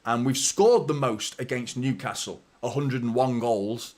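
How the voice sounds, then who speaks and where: A man from Manchester with a light, mostly neutral Mancunian accent, hosting a fan watchalong with live match commentary and rambling chat that bursts into excitement at chances. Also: medium pitch, unhurried. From Manchester, England.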